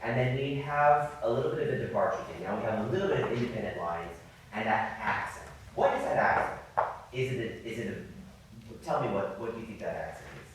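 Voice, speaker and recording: Male music coach leading a masterclass, animated and apologetic, heard from a distant mic in a very echoey hall. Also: on the low side, a little fast, background noise. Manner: apologetic, animated, demonstrating by singing. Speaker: viola masterclass teacher.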